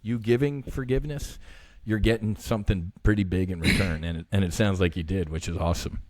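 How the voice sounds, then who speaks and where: A man's voice: sits low, steady tone, a little fast, no echo. A middle-aged man guest talking earnestly in a casual interview, swearing freely and acting out conversations.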